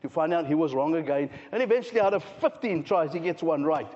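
A man preaching a sermon, swinging between loud exclaiming and hushed, slow intensity. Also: a little high, sing-song. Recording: muffled sound with long hall reverb.

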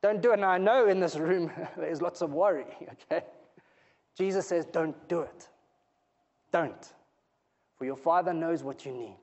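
High-voiced preacher in an echoing hall. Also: male voice, unhurried, pauses often, dull audio. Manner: emphatic, rising to loud pleading peaks. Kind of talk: sermon. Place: church hall. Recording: reverberant hall.

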